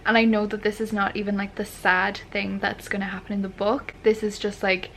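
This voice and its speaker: A woman's voice: medium pitch, level tone, fairly quick, slight background noise. A young woman chatting casually as a book vlogger, candid and full of fillers.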